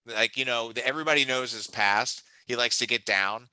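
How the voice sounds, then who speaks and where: A man's voice: medium pitch, brisk, bright, forceful tone, smooth, dry recording, rough recording. A man co-hosting a casual wrestling chat, enthusiastic and teasing, often restarting his sentences. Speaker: podcast co-host.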